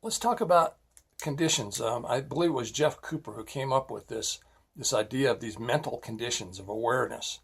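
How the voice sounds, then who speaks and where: Gravelly, husky-voiced man lecturing emphatically. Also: medium pitch, animated, fairly quick. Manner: emphatic, repeatedly asks "all right?"; blunt and scolding when making a point. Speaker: safety instructor, former police officer. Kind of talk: lecturing talk with personal stories.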